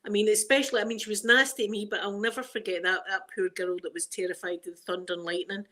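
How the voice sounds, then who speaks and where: A woman's voice: medium pitch, fairly even intonation, fast, sharp tone. A middle-aged woman with a Glaswegian Scottish accent, hosting a casual ASMR chat and rambling through stories full of local slang. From Scotland. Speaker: ASMR channel host.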